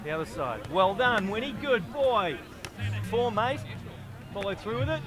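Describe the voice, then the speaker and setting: A man, loudly and bossily coaching footy in comedic banter outdoors. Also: high-pitched, sing-song, unhurried, over music. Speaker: host teaching Aussie rules football.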